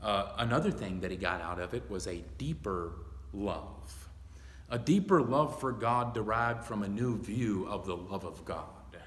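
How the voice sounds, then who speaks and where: A man preaching a Bible study sermon, reading scripture aloud slowly and with emphasis. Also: fairly low pitch, expressive, fairly bright tone, roomy sound, in a large hall. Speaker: pastor. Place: church sanctuary.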